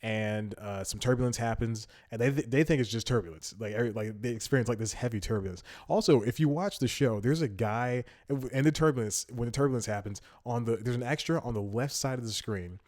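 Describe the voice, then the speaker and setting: A man's voice: mid-range voice, fairly quick, hardly any pauses. A young man hosting a solo comedy podcast, telling a rambling story and often laughing mid-sentence, livening up when he acts out what people said. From Atlanta, United States. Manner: animated when acting out quotes. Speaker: podcast host.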